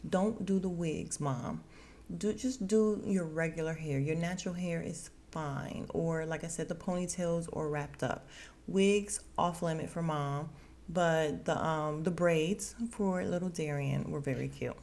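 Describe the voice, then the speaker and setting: A young woman hosts a casual podcast recap, chatty and animated, using lots of slang and laughing often. Her voice sits fairly low for a woman, and she takes her time.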